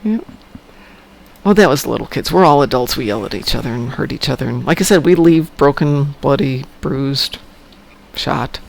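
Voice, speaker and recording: Here the man's voice is mid-range and gravelly, expressive and moderately paced. He hosts a live game stream and keeps up chatty, friendly gaming talk with teammates, laughing a lot.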